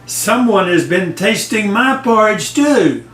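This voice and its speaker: Fussy mama bear, put on by a grandpa. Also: male voice, sits high, sing-song, slow, a bit bright, recorded from a distance, voice pushed up, exaggerated voice. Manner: exclaiming, prim storybook voice. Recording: echoey room, voice off-mic.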